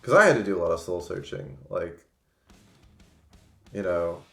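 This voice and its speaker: Deep-voiced rambling male streamer. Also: animated, normal speed, creaky, fairly bright tone, roomy sound, soft background music. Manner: rambling, loose, frequent fillers and restarts. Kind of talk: casual storytelling on a livestream.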